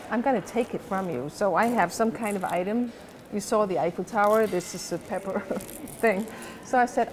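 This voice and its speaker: A woman coach, outdoors at a museum park, calmly telling a story about a client session and quoting both sides of the dialogue. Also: on the high side, background noise. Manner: calm, retelling a coaching session with quoted dialogue. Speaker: house coach. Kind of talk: storytelling monologue to camera.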